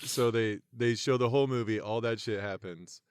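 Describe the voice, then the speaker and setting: A man's voice: medium pitch, moderate pace, clean tone, no echo, studio quality. A man co-hosting a podcast, riffing dryly and swearing in casual chat. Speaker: podcast co-host.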